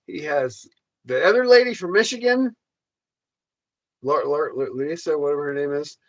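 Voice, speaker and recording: Southern US man, stream host, high voice, very animated, teasing, jokey. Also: moderate pace, lo-fi sound. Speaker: livestream host. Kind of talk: casual livestream chat.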